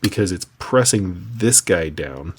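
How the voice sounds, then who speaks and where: A man with a low, expressive voice rambles a little slowly as he tinkers with a VCR on stream, muttering his thoughts to himself. The webcam microphone carries slight background noise.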